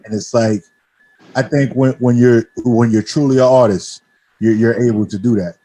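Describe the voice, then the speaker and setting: A man, a radio host from Spanish Harlem, chatting in relaxed, slangy street talk. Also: mid-range voice, normal speed. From Spanish Harlem, New York. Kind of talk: casual radio interview chat.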